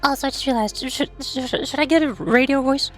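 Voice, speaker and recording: A woman streaming live, chatting casually and joking as she thinks out loud. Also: sits high, fairly quick, faint music behind.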